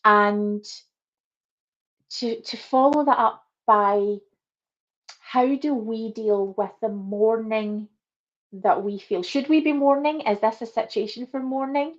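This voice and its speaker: A woman hosting a livestream discussion, speaking earnestly and deliberately to her guests and viewers over a video call. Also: on the high side, muffled recording. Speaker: host.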